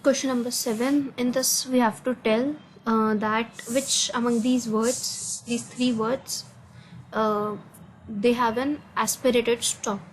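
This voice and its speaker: A woman with an Indian English accent and a somewhat high voice explains test answers step by step. She hesitates often and fills the gaps with "uh". A faint hiss sits under the recording. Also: steady tone, takes it slowly, rough recording. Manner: hesitant, many uh fillers, non-native grammar. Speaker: student explaining assignment answers. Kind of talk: screen-recorded answer walkthrough.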